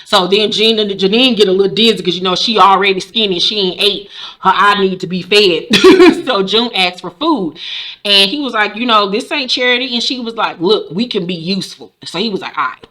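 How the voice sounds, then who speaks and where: A woman recaps a TV episode in casual, sassy chatter. Her voice is bright, and her talk is full of profanity and asides. She jumps into the characters' lines with quick put-on voices. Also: mid-range voice. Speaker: show recap host.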